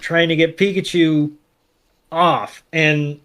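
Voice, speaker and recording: Guy on a podcast recapping a cartoon, slightly high voice, super animated, swears a lot, acts out the lines. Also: takes it slowly. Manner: animated storytelling, swears casually, acts out quotes. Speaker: podcast co-host. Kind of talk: casual recap chat.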